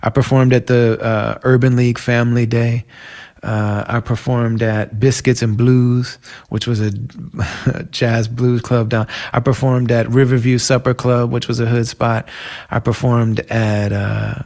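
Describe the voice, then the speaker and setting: A man's voice: medium pitch, level tone, unhurried, a little mellow. A middle-aged man tells personal stories on his podcast. He talks in an earnest, emotional way, with plenty of casual fillers and restarts. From Minnesota. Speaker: podcast host. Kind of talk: personal storytelling monologue.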